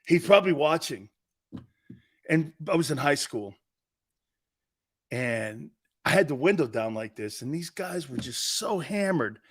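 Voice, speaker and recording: A man's voice: on the high side, lively intonation, measured pace, pauses often, breathy edge. A man hosting a sports talk show, telling stories in a boisterous, casual way, laughing often and swearing freely. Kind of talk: casual chat and storytelling.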